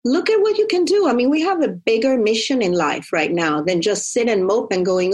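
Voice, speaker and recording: A woman's voice: mid-range voice, a little fast, few pauses, slightly rough. A woman in casual conversation, talking animatedly and acting out quotes as she tells stories. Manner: animated storyteller, acts out quotes.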